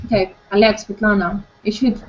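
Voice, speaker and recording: A woman from Ukraine leads an online English class, asking short questions and moving the talk along. Her voice sits at a middle pitch. The call audio is dull and lo-fi. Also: level tone, a little fast. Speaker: online language teacher.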